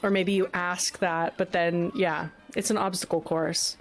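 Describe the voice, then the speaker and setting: Slow-talking young woman streamer, gushing. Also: medium pitch. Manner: animated, gushing, giggly. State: sniffly, eyes watering. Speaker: livestream host. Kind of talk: casual chat with live chat. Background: soft background music.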